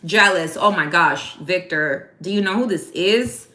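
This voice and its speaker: A woman's voice: on the low side, a little slow, sharp tone. A woman giving a casual live tarot reading, chatty and slangy, speaking straight to her viewers by name. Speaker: tarot card reader. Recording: echoey room.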